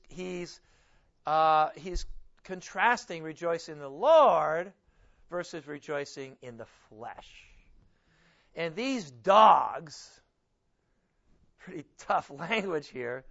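Male pastor, informal lecture-style sermon, stresses key words, somewhat higher voice, dull lo-fi recording. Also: a bit bright. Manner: informal, self-correcting, reads scripture aloud with emphasis. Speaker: pastor teaching a Bible study. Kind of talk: conversational sermon.

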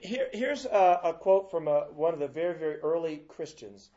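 Male preacher, fairly high voice, storytelling sermon with many restarts, dull lo-fi audio. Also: lively intonation, moderate pace. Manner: storytelling with frequent restarts and a wide swing in loudness.

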